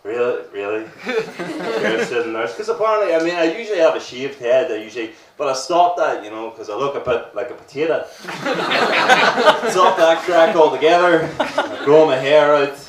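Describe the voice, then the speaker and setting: A man's voice: fairly high pitch, lively intonation, fairly quick, background noise. A Northern Irish man in his twenties doing a stand-up set, crude and self-mocking, with rambling asides. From Northern Ireland. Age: 20s. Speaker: stand-up comedian. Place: comedy venue with a live audience. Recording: roomy live audio, distant mic, crowd laughter. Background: audience laughter.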